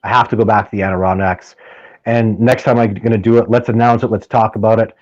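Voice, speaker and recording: A man's voice: on the low side, fast, no echo. Emphatic man, dull dry lo-fi sound. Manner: animated, emphatic storytelling with many restarts. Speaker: podcast guest, field researcher. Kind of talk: casual interview chat.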